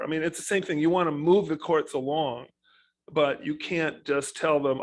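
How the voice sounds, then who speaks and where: A man speaking as an economist on a panel, telling his points with animated emphasis. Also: a little high, moderate pace, low-quality recording. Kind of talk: panel discussion.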